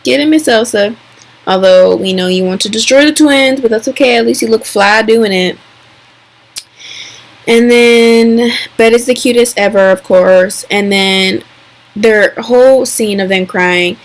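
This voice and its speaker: A young woman talks through a TV episode recap in a loose, excitable vlog voice. She piles on fillers and slips into quick, exaggerated impressions of the characters. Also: mid-range voice. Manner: chatty and excitable, full of fillers and "like".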